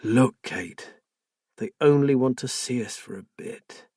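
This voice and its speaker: A man voicing a strained, defensive middle-aged husband in an audiobook, coaxing and exasperated in turn, with a husky voice. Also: medium pitch, a little slow, darkish tone, no echo, clean studio sound, close to an everyday voice. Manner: pleading, then tense and exasperated.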